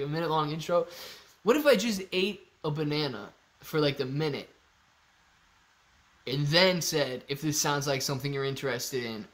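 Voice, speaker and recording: A man hosting a casual live stream, chatty and excitable, talking straight to his viewers. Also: fairly high pitch. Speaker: livestream host.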